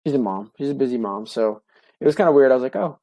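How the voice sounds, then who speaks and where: A young man, a podcast co-host, telling a heartfelt personal story in a casual, halting way with many fillers and restarts. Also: mid-range voice, lively intonation, warm tone, dry recording, muffled recording.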